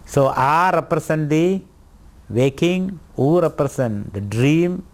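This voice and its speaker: Slow-spoken swami. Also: male voice, on the high side, expressive. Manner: slow, deliberate teaching with repetitions and light laughter. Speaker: swami teaching scripture. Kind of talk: spiritual lecture.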